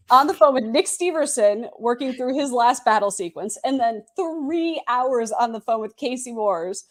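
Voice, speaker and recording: A woman guest author chatting over a video call, excitable and gushing, laughing often. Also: fairly high pitch, normal speed, hardly any pauses. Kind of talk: casual interview chat.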